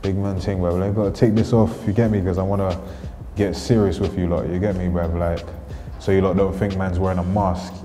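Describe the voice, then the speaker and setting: A man's voice: low voice, little pitch movement, fairly quick, over music. A young man with a London accent telling comic stories in slangy street talk, saying bruv at every turn. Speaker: storyteller. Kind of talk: comedic storytelling.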